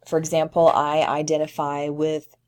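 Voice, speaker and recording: A woman teacher with a low-pitched voice and a light Tennessee accent. She talks through a recorded screencast lesson in a relaxed, conversational way, often pausing on an um. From southern United States. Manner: conversational, with frequent ums.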